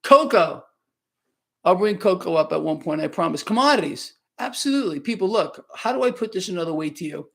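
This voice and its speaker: Emphatic high-voiced male market host. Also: expressive, a little fast, creaky, a bit bright. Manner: emphatic, sarcastic, conversational rants. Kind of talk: live-streamed market commentary with chat Q&A. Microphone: new microphone.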